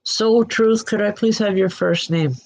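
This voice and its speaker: A woman giving live online psychic readings in a gentle, reassuring way, often pausing and restarting her sentences. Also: medium pitch, rough recording. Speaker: psychic medium. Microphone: computer mic.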